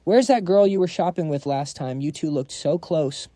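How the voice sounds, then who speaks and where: A man reads as a jealous young rival who schemes and whines. The tone is mellow and a bit high. It is a dry, close read. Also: normal speed, dry recording, close to an everyday voice. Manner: whiny and spiteful.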